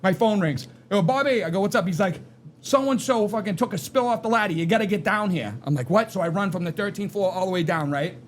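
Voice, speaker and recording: This man tells his story with a fairly high voice, animated and casual, checking in with the listener after nearly every line. A faint hiss sits under his voice. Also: fast talker. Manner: animated, tags lines with "right?" and "you know what I mean?". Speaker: podcast guest.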